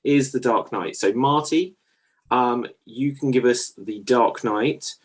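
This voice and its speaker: A man hosting an improv show, announcing in a measured way and drawing out his cues. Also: medium pitch. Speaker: host.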